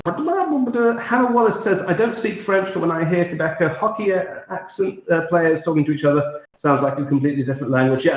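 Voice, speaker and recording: A chatty man hosts an online pub quiz from a room at his parents' home. He talks casually with plenty of ums and false starts as he answers viewer comments. The sound is very echoey and a little dull. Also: medium pitch. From England. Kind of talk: casual livestream chat.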